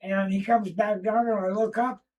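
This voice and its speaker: A man with a high voice joins a livestream chat from well away from the microphone. He talks in a casual, drawling way, backing up the host's story. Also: steady tone, normal speed, a little mellow, distant mic, poor audio. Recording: voice from off-mic.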